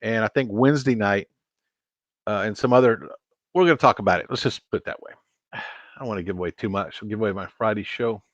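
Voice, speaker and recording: A man's voice: on the low side, quick pace, long pauses, no room sound, lo-fi sound. A man chatting casually with viewers while hosting a live stream, rambling and restarting his sentences. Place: home studio at a computer.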